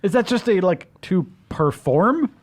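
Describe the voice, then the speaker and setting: A man's voice: high voice, sing-song, measured pace. A man on a casual podcast panel, curious and asking questions.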